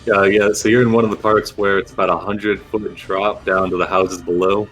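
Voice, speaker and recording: A man narrating as game master of a tabletop role-playing game, in a relaxed, chatty way. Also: sits low, normal speed.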